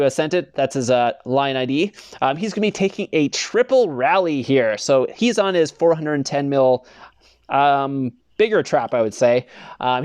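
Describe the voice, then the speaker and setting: This young man, with a slightly high voice and darkish tone, runs a gaming channel and talks loosely over gameplay footage. He rambles, fills pauses with lots of fillers, and laughs often, all captured in clean studio sound with no echo.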